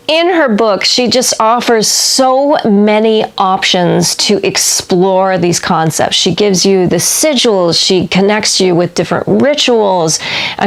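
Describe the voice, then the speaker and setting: Slow, thoughtful woman reviewing a book. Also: mid-range voice. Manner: reflective, meandering, laughs often. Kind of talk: casual book review vlog.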